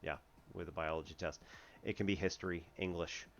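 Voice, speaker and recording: Male math tutor, deep voice, loose rambling delivery with frequent laughs, muffled lo-fi audio. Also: fairly even intonation, fairly bright tone. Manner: rambling, laughs often, halting restarts. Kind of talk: casual lesson chat.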